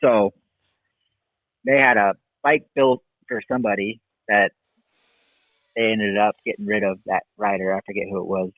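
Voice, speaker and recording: A man in his thirties, a motocross racer and coach, telling his racing story in a relaxed, rambling way. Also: fairly low pitch, normal speed, pauses often, no echo. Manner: relaxed, rambling recollection with fillers. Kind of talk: casual interview storytelling. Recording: dry, tinny phone-like line.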